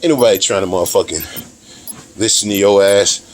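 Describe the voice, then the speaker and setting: A man quoting another man in a lower, blunt voice as he furiously tells a woman off. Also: moderate pace, slight background noise, close to an everyday voice. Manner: blunt, dismissive, harshly profane.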